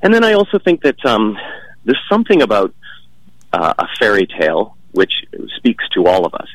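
A man with a very deep voice answers interview questions about performing. He talks in a relaxed, halting way, full of fillers and restarts. The recording is dry and close. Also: no echo, low-quality recording. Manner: hesitant, many fillers and restarts, chuckling. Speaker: stage actor, interviewee.

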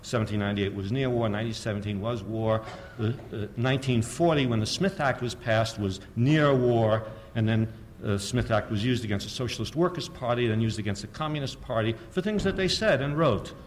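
A man giving a public history lecture, sardonic and animated, firing off rhetorical questions and often chuckling at his own points. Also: mid-range voice, a little fast, few pauses, a little hiss or hum.

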